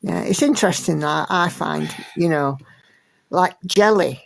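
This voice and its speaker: A woman's voice: lowish voice, measured pace, gravelly, slight background noise, poor audio. An English woman hosting a livestream, chatting and reading out viewer comments with lots of fillers. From England. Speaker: livestream host.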